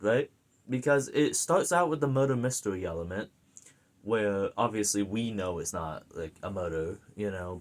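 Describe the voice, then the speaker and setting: Rambling, excited American guy. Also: on the low side. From United States. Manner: rambling and enthusiastic, full of fillers and restarts. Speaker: movie reviewer. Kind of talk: casual film review chat.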